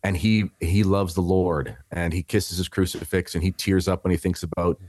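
A man's voice: low voice, steady tone, normal speed, darkish tone, breathy edge, no echo. A man in his thirties from Canada, a podcast guest telling his story in a rambling, conversational way, full of restarts and fillers.

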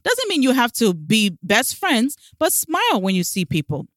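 A woman's voice: on the high side, wildly swooping pitch, moderate pace, fairly bright tone, dry recording, clean studio sound. Smiling woman giving emphatic advice. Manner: emphatic, coaching, rhetorical questions; talks with a smile in her voice. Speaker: dating advice coach. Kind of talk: direct-to-camera advice talk.

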